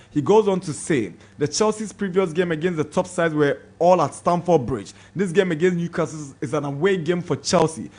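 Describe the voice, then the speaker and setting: A man with a Ghanaian English accent, hosting a sports radio show, reads out listener messages and adds quick comments. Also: on the high side, a little mellow, slightly rough. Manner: brisk, chatty, comments between messages. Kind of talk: reading listener messages on air.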